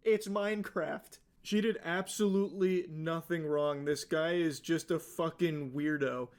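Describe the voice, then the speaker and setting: Young man, live streamer, high-pitched, sarcastic and profane while reading posts aloud. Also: fairly even intonation, a little slow. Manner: sarcastic, swearing. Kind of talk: reading a post aloud and reacting.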